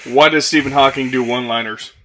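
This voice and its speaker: A man in casual podcast chat, delivering crude joke setups in a deadpan way. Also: medium pitch, fast, a little hiss or hum.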